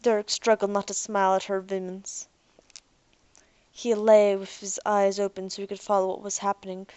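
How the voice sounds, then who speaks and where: A woman narrating an audiobook in an even, measured way. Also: medium pitch, smooth, no echo. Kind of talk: scripted narration.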